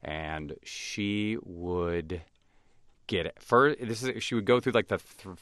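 An American man being interviewed, telling stories in a lively way and acting out the voices of others. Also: low voice, slow pace, no echo. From United States. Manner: animated storyteller who acts out voices of others. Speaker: actor and comedian guest. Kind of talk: conversational interview.

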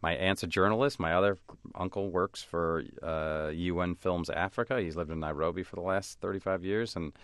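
A man with a very low but bright, forceful voice, talking in an interview. He tells stories in an animated way and slips into other people's voices. The sound is dry and close. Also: moderate pace, no echo. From United States. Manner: animated storyteller who acts out voices of others. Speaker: actor and comedian guest. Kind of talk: conversational interview.

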